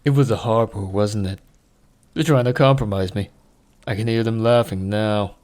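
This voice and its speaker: A man's voice: lowish voice, normal speed, a little mellow. A man casually playing a video game, reading dialogue choices aloud and laughing at the results. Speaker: let's play host. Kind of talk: casual gameplay commentary.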